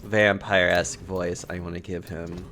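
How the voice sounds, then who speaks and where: A man's voice: sits low, little pitch movement, normal speed, bright, forceful tone, slight background noise. A man streaming a game, chatting casually with friends, with lots of "like" and easy laughter. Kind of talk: casual gaming chat.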